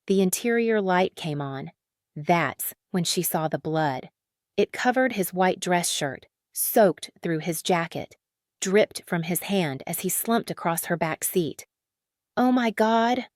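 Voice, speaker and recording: A woman reads a dramatic story in an even, matter-of-fact narration. Her voice sits low, and the sound is dry and close to the mic. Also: takes it slowly, dry recording.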